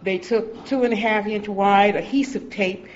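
Woman sharing her own story at a recovery talk; halting and heartfelt, on a muffled recording with a light hiss. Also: mid-range voice, steady tone. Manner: halting, heartfelt storytelling with restarts and soft laughs. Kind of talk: personal testimony talk. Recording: dull lo-fi recording with faint hiss.

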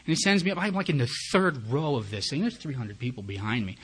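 A man with a husky voice shares his recovery story before a meeting crowd. He is candid and self-mocking, and he acts out his own inner thoughts as he tells it. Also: mid-range voice, sing-song, quick pace, a bit bright. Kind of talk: personal recovery testimony told as a story.

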